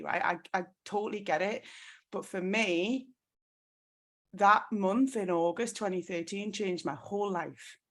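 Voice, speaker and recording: Animated woman telling a story. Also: medium pitch. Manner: animated storytelling, many "like" fillers. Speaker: network marketing team leader. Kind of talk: motivational talk on a team call.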